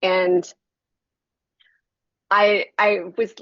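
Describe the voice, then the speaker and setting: A woman's voice: medium pitch, little pitch movement, drawn-out words, no room sound. A woman shares a heartfelt Christian devotional story in an earnest, personal voice, talking straight to her listeners. The recording is dry and close, with a slightly dull, lo-fi sound. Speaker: Christian book reviewer.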